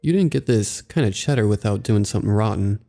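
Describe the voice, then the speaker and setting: A man voicing a gruff mover who talks in a blunt, dismissive way. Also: lowish voice, animated, a little fast, dark tone, soft background music.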